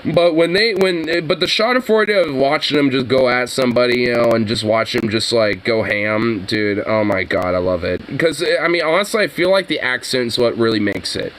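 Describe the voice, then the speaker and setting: A man's voice: mid-range voice, moderate pace, hardly any pauses, fairly bright tone, a little hiss or hum, rough recording. A man on a casual commentary show, rambling and swearing as he riffs with his co-host. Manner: profane, rambling, laughing often. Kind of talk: casual political commentary chat.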